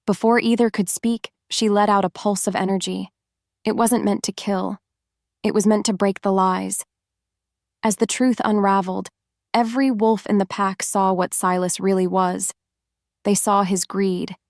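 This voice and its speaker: A woman reads a romance novel aloud in a steady, even way. Her voice sits at a middle pitch. The recording is dry and close. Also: moderate pace, dry recording. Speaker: narrator. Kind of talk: scripted audiobook narration.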